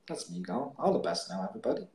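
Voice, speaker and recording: A man co-hosting a poetry show, chatting and reading pieces aloud in a soft, dwelling way that sinks to near-whispers. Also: medium pitch, very animated, quick pace. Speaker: co-host. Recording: roomy echo, faint background noise.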